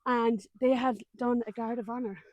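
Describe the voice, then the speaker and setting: An Irish woman in her thirties tells her story as an interview guest, animated and chatty, her voice sitting fairly high. The sound is dry and close, with no room around it. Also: normal speed, no echo. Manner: animated, colloquial storytelling with frequent laughs.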